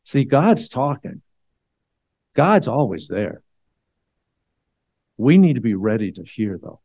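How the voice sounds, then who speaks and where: Male church elder, mid-pitched, dry close sound, chatty sermon delivery with ums and restarts. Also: sing-song, slow, warm tone, dry recording. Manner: conversational, with frequent fillers and restarts.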